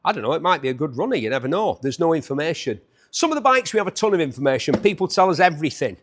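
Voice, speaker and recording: A man's voice: on the high side, very animated, very fast, fairly bright tone. A man in his fifties hosting a chatty, jokey walkaround preview of bikes up for auction. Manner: chatty, enthusiastic, jokey asides.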